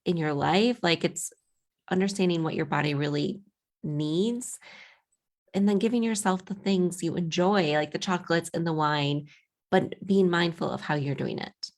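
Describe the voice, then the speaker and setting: A woman's voice: fairly low pitch, normal speed. A woman host affirming her guest and reflecting back on the points made in a conversational interview.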